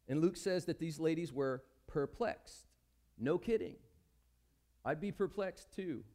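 Man, pastor, sermon, church service, slightly high voice, conversational, questions the congregation. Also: darkish tone.

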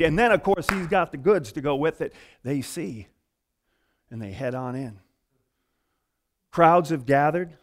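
A man preaching a sermon in an animated, conversational way, acting out quoted voices and pausing to restart his thoughts. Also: on the high side.

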